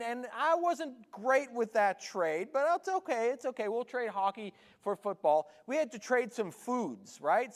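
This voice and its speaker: A Canadian-born pastor in his forties gives a light, joking sermon in a high, bright voice. His words ring out with a long reverb through a big church hall. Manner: chatty, joking with the congregation. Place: church sanctuary.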